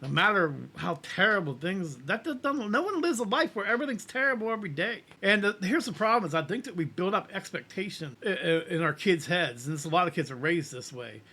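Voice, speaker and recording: Middle-aged guy reacting to a song, kinda high bright voice, rambly and earnest, keeps restarting sentences. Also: animated, a little fast, hardly any pauses. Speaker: music reaction host. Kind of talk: casual reaction commentary.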